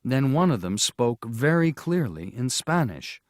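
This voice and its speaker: A man narrating a storybook audiobook in a slow, measured, clear reading style. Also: mid-range voice, big pitch swings, no echo, studio quality.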